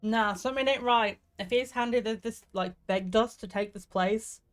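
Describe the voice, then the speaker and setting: A young woman with a southeast English accent streams a game, rambling, laughing a lot and swearing casually as she comments. Her voice is fairly high and her pace normal, with soft music playing in the background.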